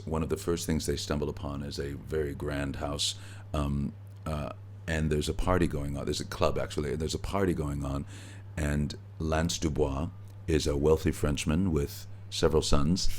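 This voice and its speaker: A middle-aged American actor with a rumbling, low male voice is interviewed backstage at a theatre. As the guest, he tells stories in a relaxed, conversational way, laughing easily.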